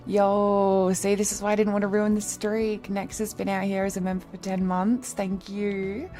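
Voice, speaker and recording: A woman's voice: mid-range voice, flat delivery, normal speed, warm tone, soft background music. A young woman streamer in a casual live-stream chat, rambling along and thanking her viewers by name.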